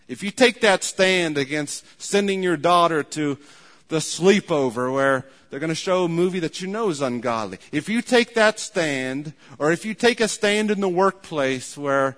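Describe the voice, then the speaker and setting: A man's voice: on the high side, expressive, moderate pace, a bit bright. A man preaching a sermon, earnest and repetitive, acting out imagined people as he goes. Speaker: pastor. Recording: long hall reverb.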